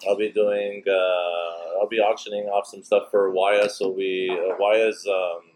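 A man who owns a restaurant, talking as a guest in a casual chat, halting with many fillers. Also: deep voice, flat delivery, a little mellow, poor audio.

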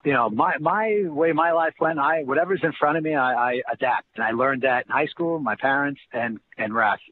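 Older New guy, animated storyteller acting out old conversations, tinny phone-line sound, faint hiss. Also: a little high, fairly quick. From New Jersey. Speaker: interview guest, former college basketball player. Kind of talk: casual storytelling interview.

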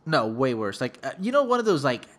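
A man's voice: medium pitch, sing-song, fairly quick, a bit bright. A man hosting a podcast, telling a long casual story in a profane, rambling, laid-back way.

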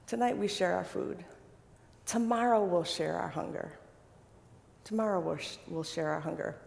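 A woman voicing a poor village woman who speaks softly and solemnly, repeating her words slowly, in a long reverberant hall. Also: fairly low pitch, vocal fry. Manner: soft, slow, solemn repetition.

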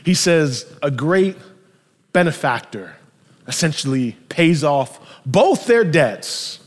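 A male pastor preaches with animated, emphatic storytelling. His voice sits high for a man, and a long reverb from a large church hall trails each phrase. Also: takes it slowly. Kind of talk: sermon.

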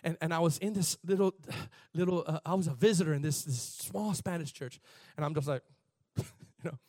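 A man preaching a sermon in an animated, conversational way, shifting from soft asides to shouts. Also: a little high, brisk, dry recording, studio quality. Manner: conversational, laughs and repeats words. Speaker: pastor.

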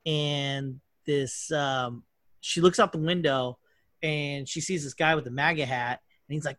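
A podcast host rambles at length through a loose, casual chat, swearing a lot and frequently restarting his sentences. His voice is a little high for a man and fairly bright, delivered at normal speed in a close, dry recording.

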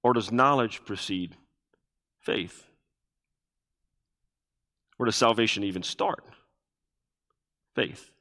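A man's voice: on the low side, slow, pauses often, sharp tone. A male pastor preaching a sermon, asking the congregation questions and repeating key phrases for emphasis. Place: church sanctuary. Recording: long reverb of a church hall.

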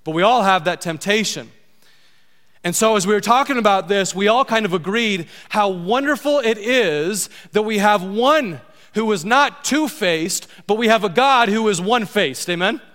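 A man's voice: high voice, animated, moderate pace, a bit bright. A middle-aged man preaching a sermon as pastor, emphatic and repeating key lines for stress. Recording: long hall reverb.

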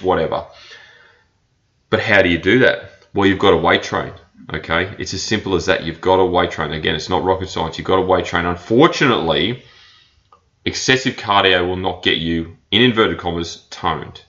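A man's voice: fairly low pitch, pushed and bright. A man hosting a solo podcast as a personal trainer. He talks bluntly and hammers his points home by repeating them. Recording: dull lo-fi podcast audio.

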